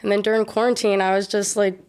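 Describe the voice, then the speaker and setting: Chatty young woman with a smooth voice. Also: mid-range voice, level tone, fast talker, a little mellow. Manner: chatty, laughs easily, lots of "like". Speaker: podcast guest. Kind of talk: casual podcast chat.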